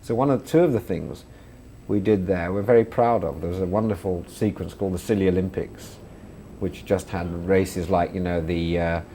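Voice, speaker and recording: A man's voice: deep voice, moderate pace, mellow, slight background noise. A man, a comedian and filmmaker chatting in an interview and laughing through his stories. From England. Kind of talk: interview anecdotes.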